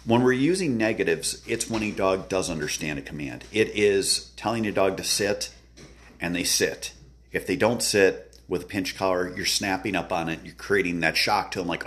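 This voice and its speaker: A man working as a dog trainer, giving an earnest instructional talk about obedience work, repeating his points and acting out the commands he gives. He describes himself as having a good, loud voice. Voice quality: loud booming voice.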